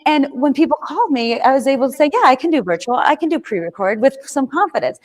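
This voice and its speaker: A woman giving a keynote talk, telling a personal story in an animated way, acting out her own lines and often adding "right?" and "like". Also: high voice, fast. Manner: frequent tag "right?" and "like" fillers. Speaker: professional speaker.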